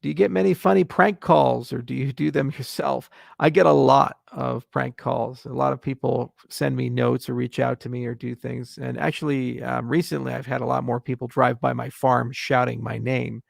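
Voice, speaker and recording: A man hosting a casual livestream Q&A, reading viewer questions aloud and answering with wry, deadpan jokes. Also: mid-range voice, normal speed, vocal fry, hardly any pauses, no echo, clean studio sound.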